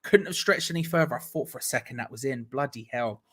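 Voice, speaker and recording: A young man giving excitable live fan commentary on a football match, laughing often as he reads out viewers' messages. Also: mid-range voice, fast, slightly rough. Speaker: watch-along host.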